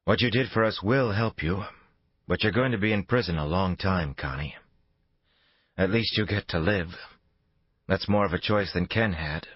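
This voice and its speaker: A man's voice: low-pitched, moderate pace, pauses often, husky, dry recording, highs cut off, pitched above the performer's own voice. A man voicing a tough, wary woman federal agent who talks in a clipped, demanding way, in an audiobook. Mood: stern.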